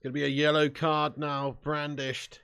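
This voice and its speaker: A man's voice: fairly high pitch, little pitch movement, normal speed, vocal fry, clean tone. A young man hosting a live football watch-along stream, commentating with swearing and banter while reading out chat messages. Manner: sweary, banter-heavy, swings from glum muttering to shouting and laughing.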